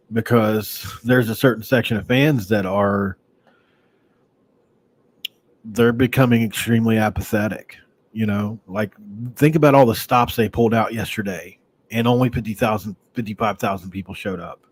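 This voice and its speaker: A man's voice: lowish voice, moderate pace, breathy edge. Rambling, sighing sports podcast man. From Mingo County, West Virginia, USA. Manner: rambling and conversational, with sighs and restarts. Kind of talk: casual sports commentary.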